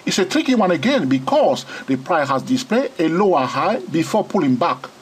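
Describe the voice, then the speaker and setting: Male trading tutor, husky voice, very lively pitch, keeps checking "okay?". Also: moderate pace, low-quality recording. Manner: repeats "all right?" and "okay?" often, pointing at charts. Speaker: trading instructor. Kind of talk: screen-recorded trading lesson.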